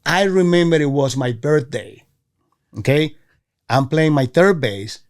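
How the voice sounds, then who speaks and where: A man from Venezuela, a former baseball player, telling stories in a casual interview, animated and acting out the voices of others. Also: measured pace. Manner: animated, acts out quoted voices with jumps in pitch. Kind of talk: casual storytelling.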